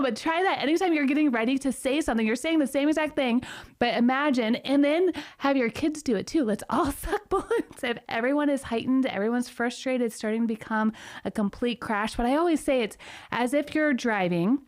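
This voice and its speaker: A woman's voice: high-pitched, dry recording. A woman who works as a parenting coach, a guest speaking energetically and cheerfully in a casual interview. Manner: energetic, upbeat, quick and laughing.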